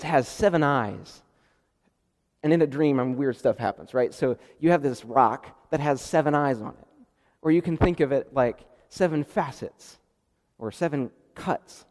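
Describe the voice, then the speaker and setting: A man preaching a sermon, animated and acting out the dialogue with sudden jumps in pitch and loudness. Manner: animated, acts out the dialogue with rising pitch and volume. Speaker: pastor. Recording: long reverb of a hall.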